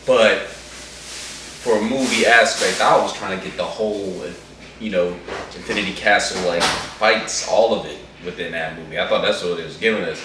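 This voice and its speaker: A man with a low voice chats in an animated, slangy ramble. He sits away from the mic in a very echoey room. A faint hum runs under him. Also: moderate pace, recorded from a distance. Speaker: co-host reviewing an anime movie. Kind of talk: casual chat.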